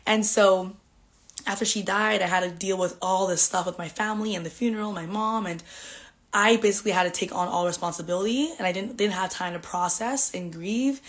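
A woman's voice: medium pitch, a little fast. A woman hosting a podcast, telling a personal story in a candid, emotional, chatty way with lots of "like" fillers. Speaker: podcast host.

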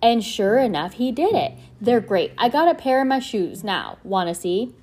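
Brief: woman reading a boastful talkative doorman from a storybook, loud and high. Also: very animated, normal speed, faint music behind. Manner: bragging, chatty. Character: boastful chatty male doorman.

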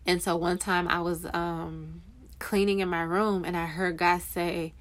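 With a lowish voice at normal speed, a young woman gives earnest, casual faith encouragement aimed at waiting spouses from a Christian perspective. She rambles slightly and self-corrects as she talks.

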